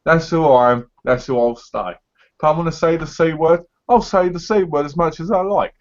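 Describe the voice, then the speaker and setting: A man's voice: on the high side, normal speed, muffled recording. An English man co-hosting a casual live chat, blunt, sweary and mock-boastful. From England. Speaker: co-host. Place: living in America.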